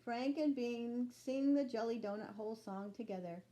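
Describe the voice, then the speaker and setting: A woman teacher reading a chapter book aloud to children, slow and clear, pausing to ask young listeners questions. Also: fairly high pitch, mellow.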